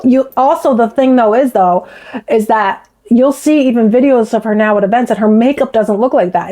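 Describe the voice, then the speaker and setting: A woman's voice: fairly high pitch, mellow. Chatty woman with a faint Bronx accent. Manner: chatty, rambling, many restarts. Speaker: commentary vlogger. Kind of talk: casual commentary on a clip.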